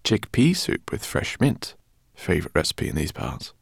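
A man's voice: low-pitched, wildly swooping pitch, moderate pace, creaky, husky, dry recording, clean studio sound, exaggerated voice. Man doing a genial, courteous old-school professor. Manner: courteous, rambling, gently embarrassed. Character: kindly bookish male professor, middle-aged, fussy host.

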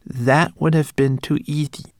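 A man's voice: a little high, level tone, measured pace, darkish tone, no echo, studio quality, voice pushed up. A man voicing a tiny, polite and anxious homunculus servant in a storybook reading. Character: tiny fussy servile homunculus.

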